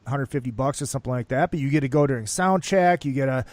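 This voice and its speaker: A man's voice: medium pitch, fast, darkish tone, no room sound. A man hosting a casual talk show, speaking loosely with cursing and jokes. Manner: loose, profane, joking. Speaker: show host.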